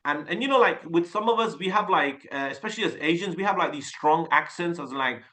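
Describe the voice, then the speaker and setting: A man in his forties with a Birmingham accent and a fairly high, bright, forceful voice, coaching a group live over a desktop webcam. He talks in an energetic, chatty way, often repeating and restarting words as he goes. Urdu is his first language. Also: fairly quick, hardly any pauses. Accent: Birmingham English. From Birmingham, England. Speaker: sales coach. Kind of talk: casual coaching on a video call. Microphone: desktop webcam mic.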